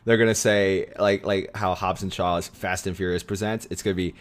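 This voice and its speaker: A man hosting a loose film-talk podcast. His voice sits very low, and he keeps the chat easygoing with plenty of laughs and filler words. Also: fairly even intonation, normal speed. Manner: chatty, laughs often, many fillers. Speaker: podcast host.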